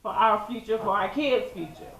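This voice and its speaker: A woman's voice: mid-range voice, moderate pace, a bit bright. A woman co-hosting a couple's channel, talking through a relationship Q&A in an easygoing, rambling way that circles back on itself. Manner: easygoing, rambling, repeats phrases. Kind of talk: casual relationship chat. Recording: roomy echo.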